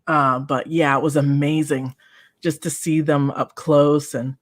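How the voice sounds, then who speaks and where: A woman in her forties tells stories at an unhurried pace on a podcast, her voice dry and close to the mic. She acts out quotes with lively energy and laughs often. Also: low-pitched, no room sound. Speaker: podcast co-host. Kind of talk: casual chat.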